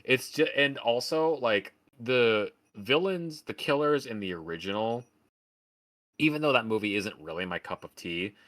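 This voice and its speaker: A man's voice: medium pitch, lively intonation, moderate pace, fairly bright tone. A man from Oregon giving a sarcastic, profane rant in a casual podcast film review. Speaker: podcast host.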